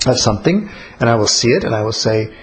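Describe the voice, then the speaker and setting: A man teaching about prayer in a relaxed, conversational way, blunt and colloquial. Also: medium pitch, fast talker, poor audio. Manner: blunt, colloquial, acts out little spoken exchanges.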